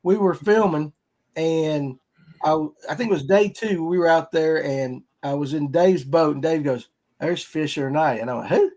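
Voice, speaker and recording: A man hosts a casual fishing podcast. His voice sits a little high, and he talks in a folksy, rambling, upbeat way. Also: moderate pace, darkish tone. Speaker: podcast host.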